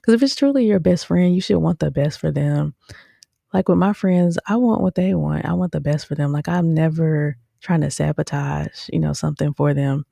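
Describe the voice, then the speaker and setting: Woman, show reviewer, mellow low voice, dry sound, chatty, talks straight to viewers. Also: moderate pace, vocal fry, no room sound. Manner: chatty, addresses viewers directly as "y'all"; animated, with frequent "um" and "okay?". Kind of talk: casual commentary.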